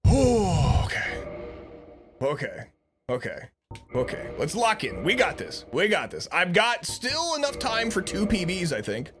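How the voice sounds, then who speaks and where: A man on a live game stream with a high voice that swings wildly, from squeals down to low groans. He talks at an unhurried pace between outbursts, swearing and laughing at himself as he explains each blunder into his streaming mic. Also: wildly swooping pitch, over music. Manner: self-mocking, explains himself at length. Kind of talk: live gaming stream commentary. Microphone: streaming mic with compressor.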